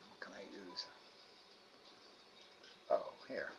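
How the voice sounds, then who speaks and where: A man's voice: mid-range voice, very animated, unhurried, heavy background noise. A man hosting a live animal camera stream from indoors at night by a window. He coaxes an animal in a raised sing-song voice and mutters to himself between calls. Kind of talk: casual live-stream commentary.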